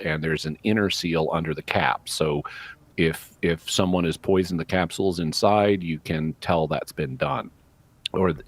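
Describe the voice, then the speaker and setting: A man on a call-in radio show, explaining things in a measured, lecturing way and careful about exact terms. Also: low-pitched. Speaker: apologist guest answering callers.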